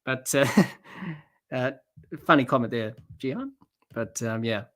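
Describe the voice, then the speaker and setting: A woman hosting a live cricket watch-along podcast, excitable as she calls the play and answers viewer chat. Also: very deep voice, measured pace. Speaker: podcast host.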